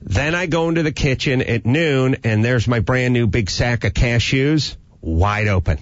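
A male radio host delivers a long, animated rant, acting out quotes of himself and his household. The sound is dull and lo-fi, very dry with no room to it. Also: mid-range voice, a little slow, no room sound. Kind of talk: comedic rant and phone interview.

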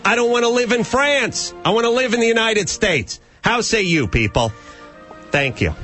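A man's voice: very high voice, lively intonation, moderate pace, pushed and bright, soft background music. A man hosting a talk radio show from a studio, ranting emphatically with sarcastic rhetorical questions. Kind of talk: talk radio banter and rant.

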